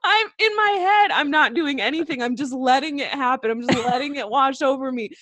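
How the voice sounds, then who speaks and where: A woman's voice: high-pitched, fairly quick, fairly bright tone. A young woman co-hosting a podcast, telling profane stories with lots of laughter in casual chat. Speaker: podcast co-host.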